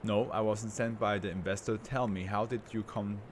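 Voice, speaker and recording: A man voicing a male researcher who asks plain, measured questions. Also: on the low side, steady tone, a little hiss or hum, lightly acted. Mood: calm. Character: calm male researcher interviewing an anomaly.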